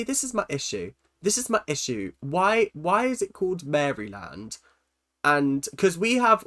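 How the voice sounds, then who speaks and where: Young dude reading chat on a livestream, jokey and self-mocking, says um a lot. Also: male voice, a little high, a bit bright. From London. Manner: teasing, self-mocking, quick jokes with frequent ums. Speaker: livestream host.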